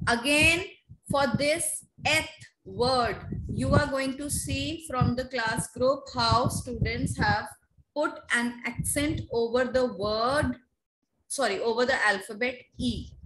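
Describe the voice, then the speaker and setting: A woman with an Indian accent teaching a French class online, repeating drills slowly for students to echo over a video call. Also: high-pitched, background noise. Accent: Indian English.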